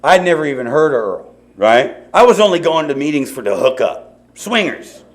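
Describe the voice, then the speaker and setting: His voice runs on the high side with a sing-song quality, and he keeps a moderate pace. The middle-aged man is telling his story to an audience at a recovery meeting in a meeting hall, loosely, with lots of asides and "you know"s.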